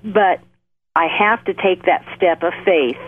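A woman's voice: on the low side, no room sound. Earnest woman on a tinny phone line. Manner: earnest, measured, builds repeated phrases. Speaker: co-host of a Christian talk show. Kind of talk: faith talk, testimony.

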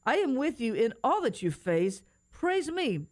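Woman co-host, bubbly, excitable, lively swooping voice, slightly high. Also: a little slow. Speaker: radio co-host. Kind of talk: reading a prophetic word and chatting. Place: radio studio.

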